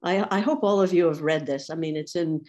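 A woman's voice: low-pitched, brisk, a little mellow, dull audio. A woman speaker at a medical education symposium, giving an academic lecture with wry asides as she quotes thinkers.

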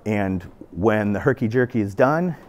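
Relaxed man in his fifties coaching pool. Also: lowish voice, unhurried. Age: 50s. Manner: relaxed, earnest, repeats phrases while demonstrating. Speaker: pool instructor. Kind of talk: casual instructional talk. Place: billiard club.

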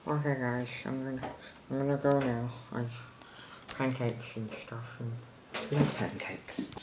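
Slow-talking British teen guy vlogging. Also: mid-range voice, steady tone. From Britain. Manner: rambling, self-mocking, offhand. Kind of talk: casual vlog. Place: at home, walking through the house. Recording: loud background noise.

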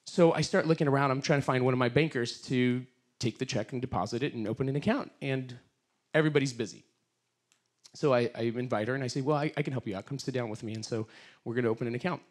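A man's voice: medium pitch, fast talker. A middle-aged man, a guest speaker, telling a story and leading an earnest prayer in a sermon. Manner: earnest, storytelling with quoted voices, fervent prayer.

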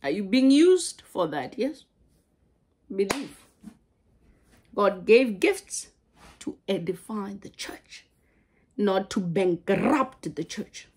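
Slow husky woman preacher. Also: mid-range voice, sing-song, a little mellow. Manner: slow, halting preaching with repeated words. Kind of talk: sermon.

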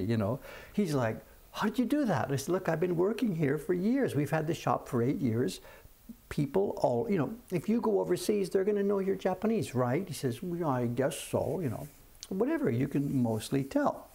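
Gravelly chatty older man. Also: a little high, darkish tone. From Canada. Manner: chatty storyteller, many restarts and "whatever". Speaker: printmaker streaming from his shop. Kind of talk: casual chat on a live stream. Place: print shop workbench.

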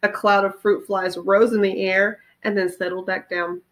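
A woman reading a children's chapter book aloud to her class, as a teacher. Her storytelling is expressive, and she leans into each line of the tale. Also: medium pitch, moderate pace.

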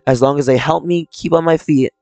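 In a steady, darkish tone on the high side, a man reads fairly quickly and lightly acts the lines of a troubled young person with mental illness from a visual novel. His delivery is subdued and confessional. Faint game music plays under the dry, close-miked recording.

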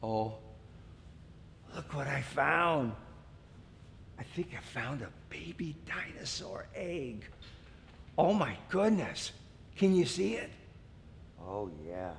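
A man leading a toddler storytime, talking gently and slowly to little children. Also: on the high side, big pitch swings, creaky, in a large hall, a little hiss or hum.

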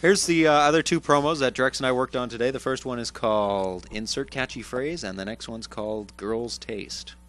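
A man hosting a casual panel chat, sardonic and quick to laugh. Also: medium pitch, fairly bright tone. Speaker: radio show host.

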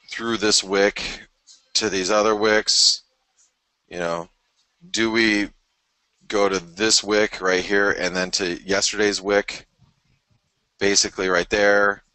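A man's voice: low-pitched, bright, forceful tone, dry recording, low-quality recording. A male trading show host talking through market charts in a loose, rambling way with many fillers and restarts, tired and yawning early in the morning. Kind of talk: live market chart analysis.

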